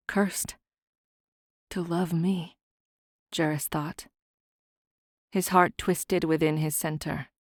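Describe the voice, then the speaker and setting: A woman narrating a fantasy audiobook in a measured, soft-spoken reading on a close studio mic. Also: low voice, steady tone, no room sound.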